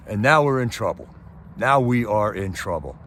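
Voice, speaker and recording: With a fairly low, slightly bright voice and lively intonation at a moderate pace, this livestream host reads his chat and responds. He rants about politics in a casual, impassioned way, throwing out rhetorical questions. A little hiss or hum is audible.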